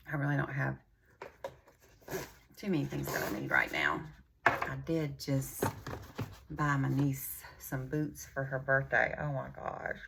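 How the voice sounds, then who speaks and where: A woman's voice: rumbling low, gravelly, background noise. An older woman, chatting casually in a vlog, rambling and folksy, with a bit of a runny nose. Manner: chatty, rambling storyteller with a warm folksy drawl. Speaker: vlogger.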